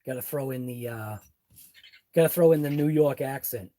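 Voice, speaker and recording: Mellow-voiced man muttering over his workbench. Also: medium pitch, moderate pace. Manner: muttering thoughts aloud as he works. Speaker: RC hobby channel host. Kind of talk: live workshop chat while wrenching. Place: home garage workshop.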